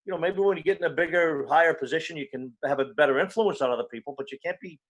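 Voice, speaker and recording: A man's voice: fairly high pitch, rapid-fire. A man, a fire chief and panel guest on a video call, giving blunt, earnest advice with frequent restarts. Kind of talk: casual online panel chat.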